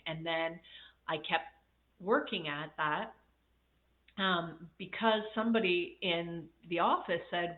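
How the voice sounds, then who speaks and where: Low-voiced woman coach on tinny audio. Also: measured pace. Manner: reflective, storytelling with many fillers. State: slightly congested, coughing after illness. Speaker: life coach. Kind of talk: casual livestream talk.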